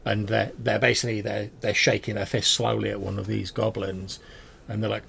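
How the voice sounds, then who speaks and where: A man's voice: fairly low pitch, level tone, brisk, creaky, fairly bright tone, breathy edge. A man narrating a tabletop game as game master, with loose, rambling descriptions.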